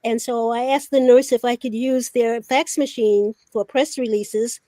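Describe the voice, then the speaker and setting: A woman's voice: fairly high pitch, measured pace, dry recording. An older woman, a veteran journalist, telling stories from her career in a casual conversation and acting out the dialogue she recalls. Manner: animated storyteller who acts out quoted dialogue. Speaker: veteran journalist, talk show guest. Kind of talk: casual storytelling.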